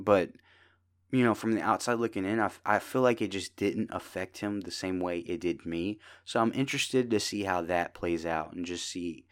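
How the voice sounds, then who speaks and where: Young male podcast host, very low voice, loose jokey rambling, sounds worn out. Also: a bit bright, clean tone. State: tired. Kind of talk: casual solo podcast chat.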